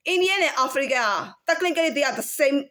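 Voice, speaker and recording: A woman talking in a casual monologue, halting with many restarts and fillers, sometimes demonstrating different speaking tones. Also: high voice, expressive, sharp tone.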